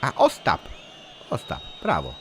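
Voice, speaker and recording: A man hosting a live football watch-along, chatting with viewers and reacting to the match, whose voice swings from low asides to loud cheering. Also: moderate pace, some chatter behind, a little hiss or hum. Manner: excitable, switches from low asides to shouting celebration.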